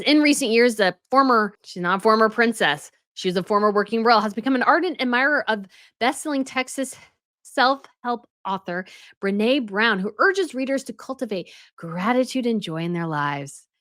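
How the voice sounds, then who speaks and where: A woman's voice: medium pitch, animated, fairly quick, a bit bright, no echo, studio quality. A woman giving casual news commentary as a channel host, chatty and full of fillers.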